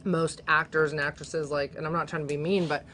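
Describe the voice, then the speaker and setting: A woman's voice: low-pitched, level tone, a little fast, a bit bright, slight background noise. A woman chatting casually as a guest, talking freely and filling her sentences with "like". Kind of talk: casual chat.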